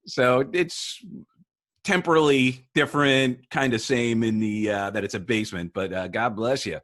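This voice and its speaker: A man's voice: medium pitch, normal speed, a bit bright, no room sound. A man hosting an interview show, reading a guest's introduction in an upbeat announcer style and then chatting casually. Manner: upbeat, mock radio-announcer delivery. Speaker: show host.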